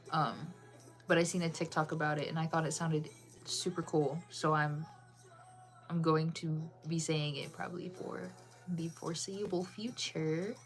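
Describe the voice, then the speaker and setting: A woman chatting casually with viewers on a live stream, bubbly and full of "like" fillers. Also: low voice.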